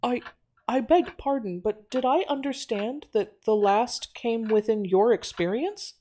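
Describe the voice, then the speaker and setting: A woman voicing a nervous, awkward young gentleman who stammers and hesitates, in an audio drama reading. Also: on the high side, measured pace, a little hiss or hum, pitched above the performer's own voice, lightly acted. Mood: anxious. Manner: stammering, hesitant, fussy politeness.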